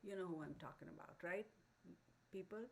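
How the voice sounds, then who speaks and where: A woman's voice: lowish voice, moderate pace, vocal fry, a little hiss or hum, rough recording. A woman hosting a live stream, ranting bluntly and heatedly to her viewers, with heavy cursing and many fillers and restarts. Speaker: channel host.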